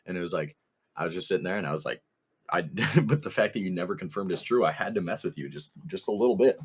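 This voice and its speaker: Young man, very low pitch, husky voice, casual podcast storytelling, rambling, laughing. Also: fast. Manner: rambling anecdote, quoting others with "I was like", frequent laughs. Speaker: podcast co-host.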